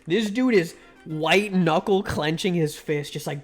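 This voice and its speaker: A man with a fairly high voice streams a game, joking irreverently with his chat. Faint music plays behind him. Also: a little slow, hardly any pauses. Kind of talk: casual live-stream commentary while reading a game aloud.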